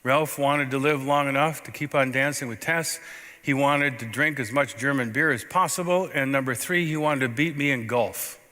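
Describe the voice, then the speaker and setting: A man preaching a sermon as a pastor, telling a story in a conversational way with sudden swings between loud and soft. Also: medium pitch, moderate pace. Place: church sanctuary. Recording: long reverb of a church sanctuary.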